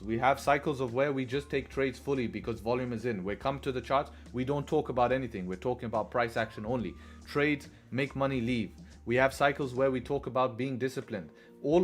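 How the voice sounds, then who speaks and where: A man hosting a live trading stream, talking casually to viewers and often tagging his points with "right?". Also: mid-range voice. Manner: conversational, keeps adding "right?", profane asides. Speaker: trading livestream host.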